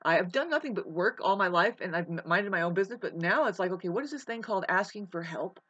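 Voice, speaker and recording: Fast and animated, this astrology vlogger has a lowish, fairly bright, slightly rough voice. She rambles casually and emphatically about astrology, throwing in the odd curse and calling her listener babe, over a dull lo-fi recording.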